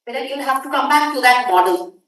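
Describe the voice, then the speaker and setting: A woman teaching a workshop, lecturing students and briskly telling them to hurry up. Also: high voice, lively intonation, fairly bright tone, a little hiss or hum. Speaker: workshop instructor. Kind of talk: classroom lecture. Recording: echoey room audio from far off.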